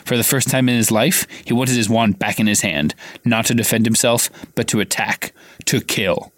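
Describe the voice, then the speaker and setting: A man's voice: lowish voice, moderate pace, no echo, studio quality. A man co-hosting a podcast, reading a novel aloud live and acting out the dialogue with a raised voice.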